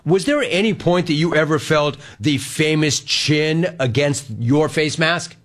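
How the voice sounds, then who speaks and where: A man's voice: fairly high pitch, a little slow. A man hosting a sports talk interview who laughs easily and reacts with enthusiasm. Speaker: radio host.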